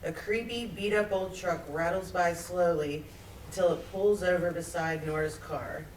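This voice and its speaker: A woman's voice: on the low side, fairly even intonation, moderate pace, darkish tone, a little hiss or hum. Woman reading stage directions. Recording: roomy theatre, mic far off.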